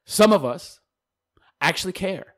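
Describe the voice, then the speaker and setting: A man's voice: high-pitched, animated, measured pace, fairly bright tone. A man, a YouTuber, reading out hostile comments and replying in a sarcastic, combative, mocking rant. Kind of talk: casual ranting monologue.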